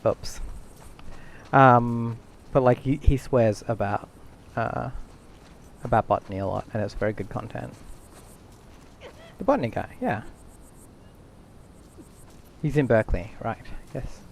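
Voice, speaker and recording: A man's voice: medium pitch, lively intonation, unhurried, creaky, long pauses, slight background noise. A man streaming a video game, rambling through casual commentary and thinking aloud to his chat.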